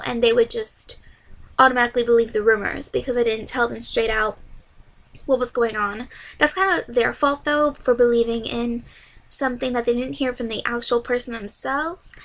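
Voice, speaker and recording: High-voiced young woman, candid vlog. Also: a bit bright. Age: young adult. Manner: candid and earnest, with frequent fillers. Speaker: vlogger. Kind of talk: casual personal storytelling to camera.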